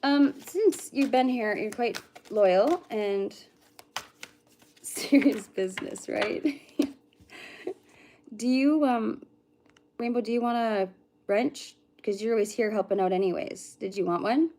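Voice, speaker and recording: A woman's voice: on the high side, takes it slowly, pauses often, warm tone. A woman who is a psychic medium, chatting casually with livestream viewers. She greets them by name and hums and mutters to herself between readings.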